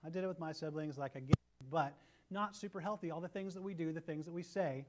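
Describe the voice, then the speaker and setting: Casual thirties male pastor, slightly higher voice, animated storyteller who keeps tagging lines with "right?". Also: brisk, slight background noise. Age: 30s. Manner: animated storyteller, often adds "right?" to check in with listeners. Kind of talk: conversational sermon.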